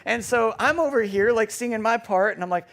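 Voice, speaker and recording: A young man with a fairly high voice tells a funny, self-deprecating story from the pulpit. He rambles through it with plenty of fillers, speaking in a church service. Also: fairly quick, creaky, a bit bright. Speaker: preacher. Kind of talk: storytelling sermon. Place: church sanctuary.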